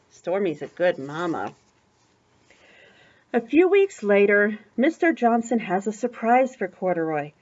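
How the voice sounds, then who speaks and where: An older woman, a grandmother, reading a picture book aloud to a small child, animated, with gasps and asides to the child. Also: on the high side, muffled recording. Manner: animated, gasping, talks to the child between pages. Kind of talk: storybook read-aloud to a child.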